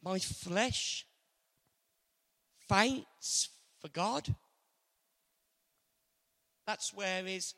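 A man preaching a sermon earnestly, moving between loud emphasis and hushed, intimate passages. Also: high voice, lively intonation, very slow, pauses often. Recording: long hall reverb.

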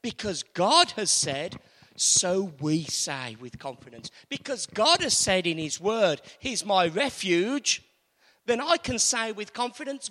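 High-voiced preacher in a reverberant hall. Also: male voice, big pitch swings, sharp tone. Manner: declaiming prayers slowly and emphatically. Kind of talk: sermon. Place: church.

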